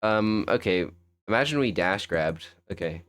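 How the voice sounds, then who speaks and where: A man's voice: lowish voice, animated, moderate pace, a bit bright, clear, resonant tone. A young man commentating a fighting game on a live stream, thinking aloud in a rambling, self-correcting way.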